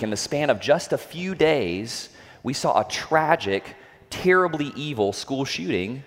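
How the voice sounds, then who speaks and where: Guy pastor preaching, earnest and dramatic, mid-pitched voice, long church echo. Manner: earnest, dramatic emphasis with slow drawn-out phrases. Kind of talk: sermon. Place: church sanctuary.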